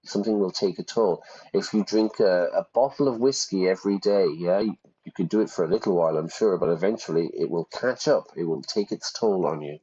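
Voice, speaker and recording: This low, warm male voice has a breathy edge and moves fairly quickly. He chats casually while teaching English vocabulary over gameplay, illustrating words with examples from daily life, all captured in dull, lo-fi sound.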